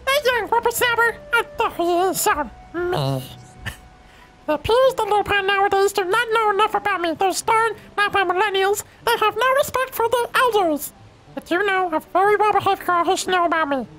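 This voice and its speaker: Squeaky, haughty old creature sage. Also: male voice, animated, moderate pace, sharp tone, exaggerated voice. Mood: indignant. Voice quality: squeaky high put-on voice. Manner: haughty, stately and condescending. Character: pompous old male Nopon sage, tiny creature. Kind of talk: reading game dialogue in voices.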